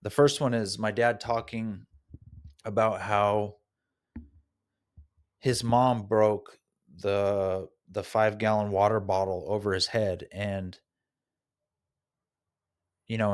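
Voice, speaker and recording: Low-pitched male podcast host, candid and reflective, unscripted solo monologue. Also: level tone, a little slow, pauses often. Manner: candid and soul-searching, with occasional laughs.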